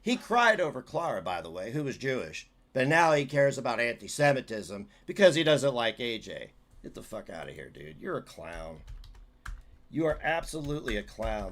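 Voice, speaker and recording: A man's voice: mid-range voice, a bit bright. A man hosting a livestream, giving heated, sarcastic, profane commentary as he reacts to clips.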